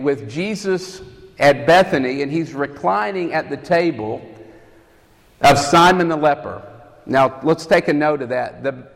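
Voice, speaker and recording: A man preaching a sermon, teaching earnestly and asking his listeners rhetorical questions. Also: on the high side. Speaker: campus ministry preacher. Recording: long reverb of a hall.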